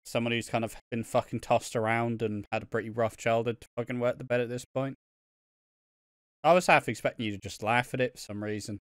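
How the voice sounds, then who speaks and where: Sweary, smooth-voiced man. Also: medium pitch, a little fast, dry recording, studio quality. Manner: sweary, animated ranting. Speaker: podcast co-host. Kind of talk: casual chat recapping a soap opera.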